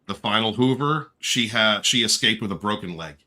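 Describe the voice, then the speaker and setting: A man hosting a casual livestream, warmly shouting out chat viewers by name and joking playfully with them. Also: lowish voice, normal speed. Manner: effusive, affectionate shout-outs to chat viewers. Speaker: livestream host.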